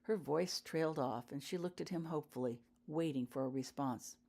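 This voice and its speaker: A woman with a notably low voice narrates her own story as an audiobook. Her delivery is measured and steady, the pace of careful storytelling. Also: vocal fry. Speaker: fanfiction author reading her own story.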